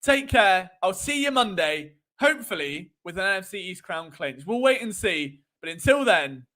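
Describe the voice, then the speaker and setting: A man's voice: high-pitched, big pitch swings, moderate pace, sharp tone. A young man hosting a live sports stream, rambling and playful with lots of fillers. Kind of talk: casual live-stream chat.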